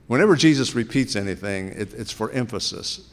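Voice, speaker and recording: A male pastor giving a sermon, telling stories in a relaxed, conversational way. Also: mid-range voice, brisk. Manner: conversational storytelling preaching. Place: church sanctuary. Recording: long reverb of a church hall.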